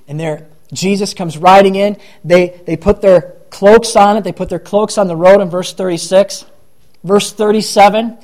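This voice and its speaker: A man's voice: high voice, darkish tone. A man preaching a sermon, reading scripture and acting out the crowd's and Pharisees' words with rising emphasis.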